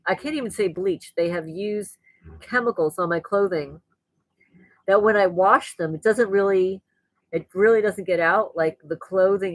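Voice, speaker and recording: A woman's voice: mid-range voice, no echo, poor audio. A woman hosting her own channel, talking straight to viewers in a frank, rambling way and sounding angry and blunt. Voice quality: voice no longer sweet, rougher than before. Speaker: channel host. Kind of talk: casual monologue to viewers.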